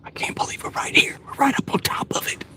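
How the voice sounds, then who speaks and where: A man putting on the hushed voice of a TV deer hunter as whispered role-play, tense and excited, recorded inside a car. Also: fast talker, natural voice. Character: hushed male TV deer hunter stalking prey. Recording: car noise in background.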